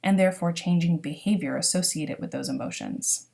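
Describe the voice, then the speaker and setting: A woman giving a recorded lesson as a dog training instructor, explaining step by step in a clear, teaching manner. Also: on the low side, fairly quick, a little mellow. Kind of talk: recorded lecture narration.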